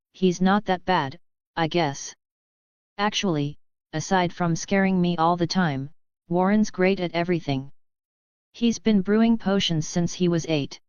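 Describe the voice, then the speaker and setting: A woman's voice: fairly low pitch, darkish tone, clear, resonant tone, no room sound, muffled recording, natural voice. A woman doing a grumbling, boastful boy wizard.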